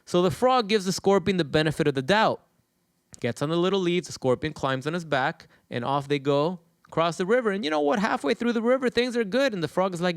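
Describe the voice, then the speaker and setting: A male host speaking to viewers in a blunt, hammering style, full of repetition and swearing. His voice is smooth and resonant, pitched a little high, and recorded dry and close. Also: big pitch swings, moderate pace, dry recording. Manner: emphatic, repetitive and profane. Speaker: channel host. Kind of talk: casual monologue to viewers.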